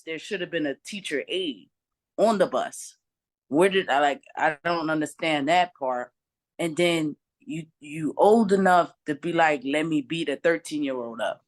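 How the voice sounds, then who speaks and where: A woman's voice: low-pitched, unhurried. Heated woman firing rhetorical questions. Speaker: podcast panelist. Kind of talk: casual chat.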